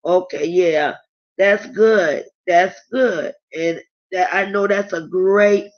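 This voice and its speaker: A middle-aged woman with a voice on the low side talks slowly while hosting a casual live stream. Chatty and candid, she reads viewer comments aloud and rambles with restarts, and the sound is dull and lo-fi.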